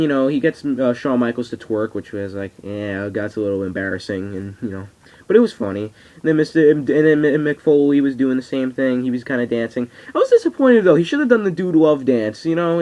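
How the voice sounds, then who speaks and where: Teenage boy, casual reaction vlog, rambling, excitable, cursing, muffled lo-fi audio. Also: mid-range voice. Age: teens. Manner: rambling, excitable, swears freely. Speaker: vlogger. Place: at home on camera.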